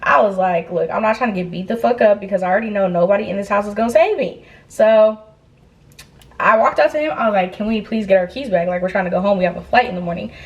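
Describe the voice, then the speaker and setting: A young woman casually recounting a wild night in a storytime vlog, animated and full of profane slang. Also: medium pitch, fast, highs cut off. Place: indoors, getting ready.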